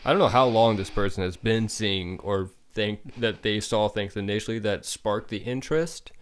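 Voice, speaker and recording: A man hosting a podcast in casual chat, joking with quick reactions. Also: lowish voice, slight background noise. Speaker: podcast host.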